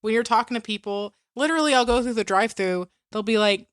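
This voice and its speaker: A woman's voice: fairly high pitch, fast talker, no echo, clean studio sound. A young woman co-hosting a podcast, chatting casually and giggling often. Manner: giggly, upbeat. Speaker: podcast co-host. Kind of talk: casual chat.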